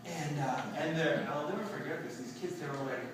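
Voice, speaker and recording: A young man telling a lively story to an audience at a reception, acting out the dialogue with laughs. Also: fairly high pitch, fairly quick. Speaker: speaker at a reception talk. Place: event room, recorded from a distance. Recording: echoey room, far-off mic, background noise.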